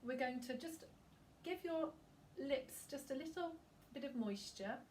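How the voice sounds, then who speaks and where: A woman singing teacher gently guiding a breathing and vocal warm-up, giving calm, encouraging instructions. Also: high-pitched, a little slow, recorded from a distance, a little hiss or hum.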